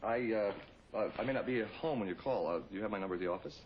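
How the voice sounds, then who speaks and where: A man's voice: on the low side, racing, lightly acted. An actor playing a flustered, nervous male applicant who hesitates and stammers. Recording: dull old TV soundtrack, hiss.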